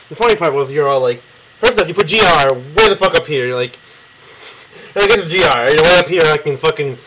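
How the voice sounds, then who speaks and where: A man's voice: a little high, noisy background. A young man from Michigan rambling casually and profanely while drawing a map for someone, laughing often. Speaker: video replier. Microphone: camera mic close to the face.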